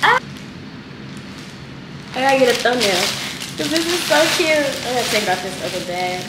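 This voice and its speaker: A woman's voice: fairly high pitch, sing-song, moderate pace. Chatty young woman vlogging on her phone. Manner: chatty, addresses viewers as y'all. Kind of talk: casual vlog talk to camera. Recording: noisy phone recording.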